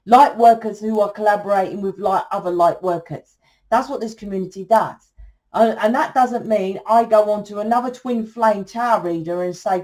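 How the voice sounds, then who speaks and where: Woman, tarot reader, casual monologue, blunt, swearing, mellow voice. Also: medium pitch. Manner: blunt, swears freely, keeps asking "right?".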